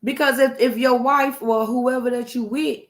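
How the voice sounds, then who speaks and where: A woman's voice: a little high, fairly even intonation, normal speed, echoey room. A woman, chatting casually and working through her thoughts in a rambling way. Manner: reflective, rambling reasoning. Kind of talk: casual chat.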